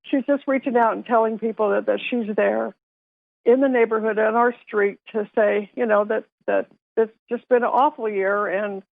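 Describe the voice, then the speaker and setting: A woman calling into a radio talk show, excited and chatty, apologizing as she tries to calm down. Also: on the high side, normal speed, gravelly, dry recording. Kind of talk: phone-in call. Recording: tinny phone line.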